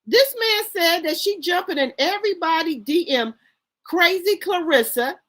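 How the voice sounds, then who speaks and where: Animated woman dishing gossip. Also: very high-pitched, normal speed. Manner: animated, emphatic, exclaiming and cussing. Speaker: commentary channel host. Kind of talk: gossip commentary.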